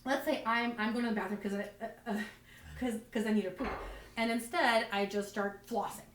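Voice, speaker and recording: A woman's voice: fairly high pitch, steady tone, fairly quick, a bit bright, slight background noise. A woman doing stand-up, telling self-deprecating stories in a rambling way full of restarts. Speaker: stand-up comedian. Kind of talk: stand-up comedy storytelling. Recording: roomy, distant mic.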